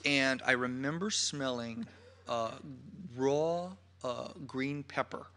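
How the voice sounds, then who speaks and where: A man's voice: medium pitch, takes it slowly, bright, forceful tone. A man giving a public talk as a perfume critic, an effusive storyteller who piles on gushing adjectives.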